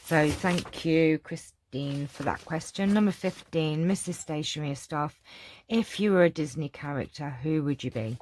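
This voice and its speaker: A woman's voice: low-pitched, normal speed, noisy background. A middle-aged English woman with an English accent, chatting casually and rambling with lots of ums as she answers viewer questions. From England. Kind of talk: casual chat.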